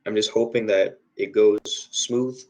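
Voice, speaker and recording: A man's voice: on the low side, fairly even intonation, unhurried, poor audio. A young man cohosting a casual podcast, speaking hesitantly with many fillers. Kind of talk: casual chat.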